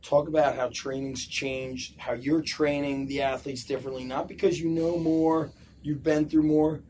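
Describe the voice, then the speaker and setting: Flat-voiced host asking questions. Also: male voice, a little high, moderate pace, a little hiss or hum, low-quality recording. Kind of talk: casual interview.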